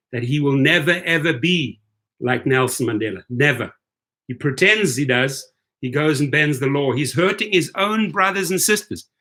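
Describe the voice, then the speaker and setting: A man's voice: fairly high pitch, pushed and bright. A man hosting a rideshare video channel, delivering an indignant commentary rant, repeating himself and checking in with "right?". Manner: indignant, repetitive, keeps asking "right?".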